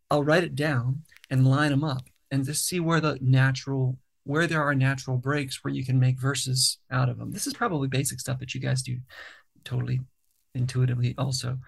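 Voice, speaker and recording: A man's voice: mid-range voice, creaky. A man, a songwriter and guest, talking casually in an interview and explaining his process thoughtfully, step by step.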